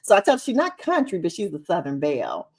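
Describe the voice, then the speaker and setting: A woman co-hosting a casual livestream chat over a video call, chatty and animated. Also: fairly low pitch, quick pace. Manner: animated, chatty, laughs often. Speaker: co-host and co-author.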